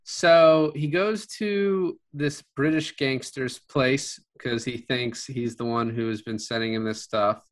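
A man's voice: medium pitch, steady tone, slow, few pauses. A man casually reviewing a film with a co-host, rambling with many fillers and restarts. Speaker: podcast co-host. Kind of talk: casual movie review chat.

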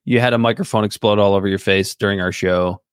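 A man's voice: fairly low pitch, steady tone, fast talker, clean tone, dry recording, studio quality. A man co-hosting a casual political podcast, talking in a blunt, heated, profane way. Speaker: podcast co-host.

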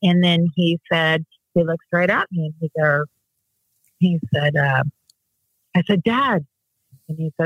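A woman's voice: sits low, moderate pace, breathy edge, no room sound, highs cut off. Middle-aged woman, podcast host, earnest storyteller, dry close sound. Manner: earnest, quotes others in dialogue. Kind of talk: casual storytelling.

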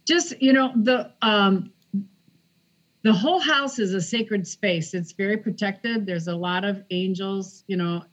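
A woman's voice: mid-range voice, a little slow, low-quality recording. A woman author, a podcast guest, telling a personal story in a casual interview and acting out the quoted dialogue.

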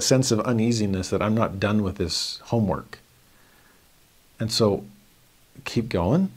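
A man, a religion teacher, giving a personal devotional talk and acting out his own inner dialogue as he tells the story. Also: fairly low pitch.

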